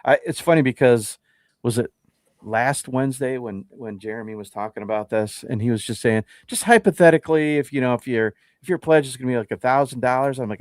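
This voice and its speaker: A man's voice: mid-range voice, brisk, no echo. Musing man, dry close sound. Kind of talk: casual chat.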